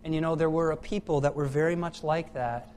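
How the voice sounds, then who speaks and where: A middle-aged man preaching to a church congregation. He moves between hushed, reflective passages and loud, emphatic ones. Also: a little high, steady tone, fairly quick, a little hiss or hum. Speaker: pastor. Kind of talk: sermon.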